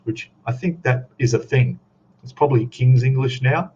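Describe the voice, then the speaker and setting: A man's voice: medium pitch, normal speed, a little mellow. A man with an Australian accent chatting casually on a live stream as a scale model host, rambling and reading chat comments aloud. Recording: dull lo-fi stream audio with faint noise.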